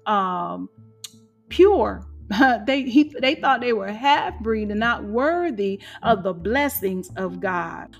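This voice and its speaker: A woman preaching a sermon in an emphatic, exhorting way, with call-and-response asides to her listeners. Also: fairly high pitch.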